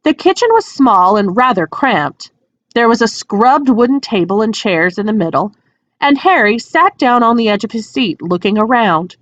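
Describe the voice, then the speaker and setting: Expressive woman reading a storybook aloud. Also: on the high side, moderate pace, dry recording. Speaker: audiobook reader. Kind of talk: storybook read-aloud narration. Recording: dry, dull lo-fi sound.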